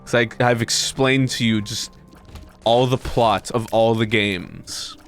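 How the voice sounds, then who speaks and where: Faint music plays behind a medium-pitched man who speaks slowly as he streams a video game. Chatting casually with his audience, he swears frequently and laughs in between complaints about his run, keeping the gameplay commentary lively and animated.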